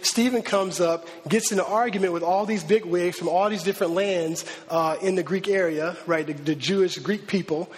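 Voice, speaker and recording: A man preaching a casual, animated sermon as pastor, with many fillers and restarts. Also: sits high, normal speed, hardly any pauses. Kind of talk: conversational sermon. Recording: long hall reverb.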